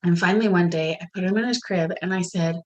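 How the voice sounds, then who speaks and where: A middle-aged woman in casual conversation, telling family stories in an animated way, often slipping into quoted voices and laughing. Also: lowish voice, fast, poor audio.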